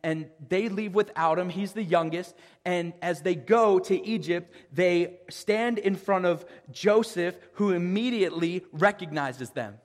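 A man's voice: sits high, measured pace, few pauses. A man preaching a sermon in a loose, conversational way, often restarting his phrases. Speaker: pastor. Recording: long hall reverb.

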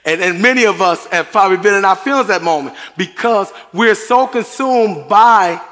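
A middle-aged pastor with a high, slightly bright voice preaches to a congregation in a church sanctuary. He keeps it conversational, chuckling and adding asides, and the recording carries long hall reverb.

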